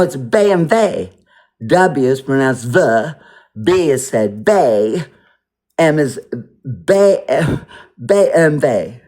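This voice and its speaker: A man giving casual commentary over a video, rambling and repeating words as he mock-teaches pronunciation. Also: mid-range voice. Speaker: video reactor.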